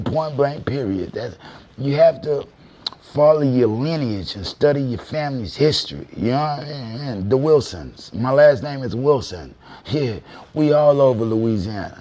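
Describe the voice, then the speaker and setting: A man's voice: medium pitch, a little mellow. Blunt, profane man ranting. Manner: blunt, profane, repetitive street talk with "you know what I mean". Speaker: commentator in a viral clip. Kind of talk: unfiltered rant.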